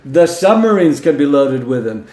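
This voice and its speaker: A man's voice: fairly high pitch, very animated, moderate pace, a little mellow. A male host giving a political commentary monologue in a folksy, emphatic way, reading news aloud and breaking in with his own remarks. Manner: folksy and emphatic, interjecting "okay?" and "listen to this". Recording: roomy echo.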